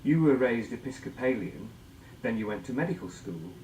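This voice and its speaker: A man presenting a scripted lesson, measured and explanatory, asking guiding questions. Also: medium pitch, sing-song, darkish tone, roomy sound, a little hiss or hum, rough recording. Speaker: instructor.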